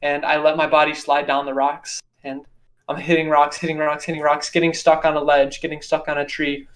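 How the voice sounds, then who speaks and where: Man telling an intense story, slightly high. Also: level tone, brisk, fairly bright tone. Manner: intense, repetitive retelling with vivid detail. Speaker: podcast guest. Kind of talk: casual storytelling interview.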